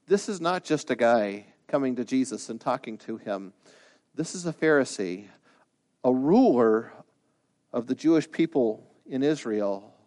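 Speaking in a mid-range voice with a darkish tone, a male pastor begins his sermon earnestly and conversationally, full of asides and restarts. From there he works up to emphatic, rising bursts.

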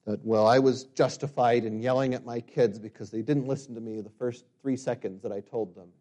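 A middle-aged man preaching a sermon as a pastor. He builds to loud, emphatic peaks and then drops to quiet, reflective passages. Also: medium pitch, fairly even intonation. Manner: reads scripture slowly and forcefully.

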